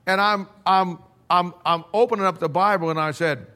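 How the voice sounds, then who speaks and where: A man's voice: high-pitched, steady tone, normal speed, bright, forceful tone. A middle-aged man preaching in a folksy, blunt, conversational way, often repeating words and restarting as he tells stories. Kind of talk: conversational sermon storytelling.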